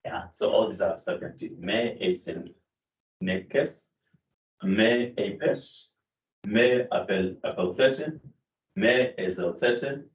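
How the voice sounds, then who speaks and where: Male lecturer, low voice, explanatory classroom delivery; distant, muffled mic. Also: takes it slowly. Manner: explanatory, with fillers and self-corrections. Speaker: Greek lecturer. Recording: echoey room, distant mic, dull sound.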